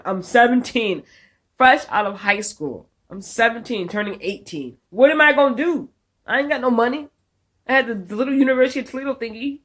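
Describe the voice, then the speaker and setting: A woman telling a storytime vlog in an animated, profane, incredulous way. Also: fairly high pitch, fairly quick. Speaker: vlogger.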